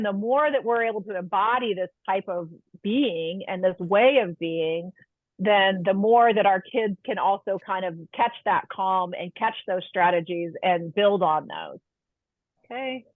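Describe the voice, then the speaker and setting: A woman giving a webinar talk on parenting calm, explaining steps and asking her listeners questions. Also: mid-range voice, no echo. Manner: warm explanatory, asks the audience questions. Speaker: webinar presenter. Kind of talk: webinar lecture. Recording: tinny phone-like line, dry.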